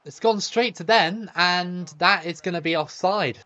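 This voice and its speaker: A man's voice: sits high, measured pace, pushed and bright, muffled recording. A man narrating his own football video game match for viewers, eager and cheering his goals. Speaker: gaming video host. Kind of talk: excited play-by-play over gameplay.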